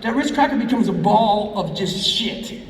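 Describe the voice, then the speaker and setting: A man's voice: sits high, lively intonation, normal speed, background noise. A middle-aged man telling a profane, intense story to a live audience as a motivational speaker. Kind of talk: live storytelling talk on stage. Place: large hall with a live crowd. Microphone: stage speech heard from the crowd on a fan's camera. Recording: roomy, far-off hall recording from the crowd.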